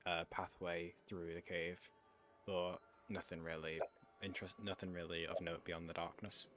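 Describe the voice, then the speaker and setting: A man with a sore throat narrating as dungeon master, describing scenes with halting fillers. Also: deep voice, flat delivery, a bit bright. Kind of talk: narrating a tabletop game.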